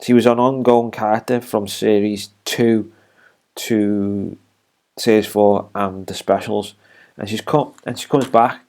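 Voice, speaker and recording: A man's voice: fairly low pitch, steady tone, unhurried, a little mellow. A man giving an unscripted, rambling recap of a TV episode as a reviewer, with many fillers and restarts.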